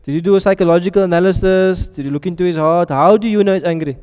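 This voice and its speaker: A man's voice: high-pitched, fast, darkish tone, clear, resonant tone. A man teaching a classroom lesson, often stopping to ask his students questions and check they are following. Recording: reverberant hall sound.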